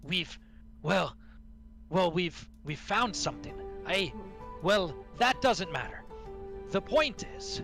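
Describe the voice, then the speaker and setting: A man voicing an excitable dwarf who hires adventurers, stammering and calling everyone lad. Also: a little high. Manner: stammering, calls everyone lad, old-fashioned phrasing. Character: excitable male dwarf quest-giver, hushed and eager.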